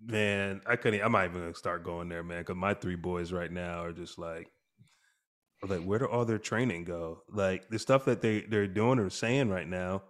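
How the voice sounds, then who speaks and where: A man in casual podcast chat, animated and laughing often, acting out what his kids said. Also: deep voice, normal speed. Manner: animated storyteller, acts out quotes, laughs often.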